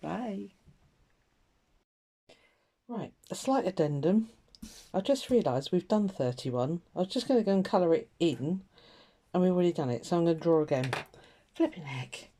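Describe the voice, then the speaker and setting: A woman's voice: fairly low pitch, sing-song, normal speed, pauses often, warm tone, slight background noise. A woman chatting casually to viewers while she colours, self-mocking and muttering to herself with little laughs. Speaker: colouring vlogger.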